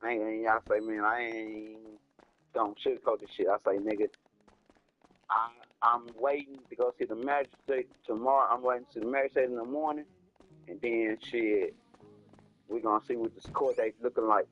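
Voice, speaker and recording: A man's voice: mid-range voice, fairly even intonation, moderate pace, highs cut off. A man casually telling a long rambling story, repeating himself and cursing, in slangy talk. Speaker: storyteller streaming a game.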